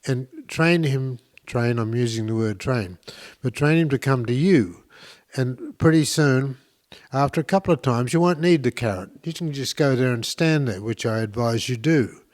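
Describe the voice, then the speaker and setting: This podcast host has a mid-range, darkish male voice and talks at a moderate pace. His casual how-to explanations come out eager and meandering, with lots of fillers and false starts.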